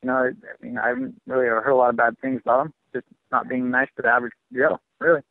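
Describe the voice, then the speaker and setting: A fighter answering press questions on a conference call, halting with lots of fillers, heard over a phone line. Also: male voice, medium pitch, steady tone, no echo. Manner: halting, many fillers and restarts, dismissive. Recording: tinny dry phone line.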